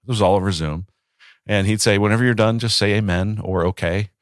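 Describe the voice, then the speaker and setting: A man in his thirties, a pastor, talking in a relaxed podcast conversation and telling stories with acted-out quotes. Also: fairly low pitch, brisk, dry recording, studio quality. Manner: reflective, storytelling with acted quotes.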